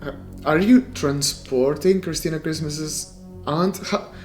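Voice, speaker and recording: Halting male player in a tabletop game. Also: on the high side, a little mellow, soft background music. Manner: halting, stammering questions.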